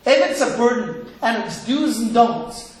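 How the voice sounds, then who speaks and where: A man's voice: very high-pitched, unhurried, very echoey, rough recording. A man from Cleveland, Ohio, giving a sermon as a rabbi, telling stories and acting out the people in them. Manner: animated storytelling, acting out quoted voices.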